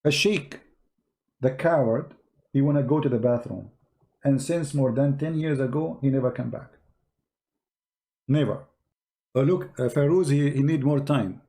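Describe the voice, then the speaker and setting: A man's voice: mid-range voice, unhurried, pauses often, mellow. A man hosting a confrontational live debate, boastful and sarcastic. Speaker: debate streamer.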